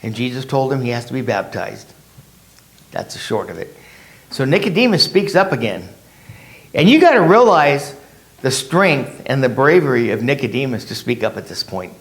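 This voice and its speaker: A man's voice: medium pitch, expressive, moderate pace. A man leading a casual Bible study, who asks his class rhetorical questions and acts out the people in the story in his own words.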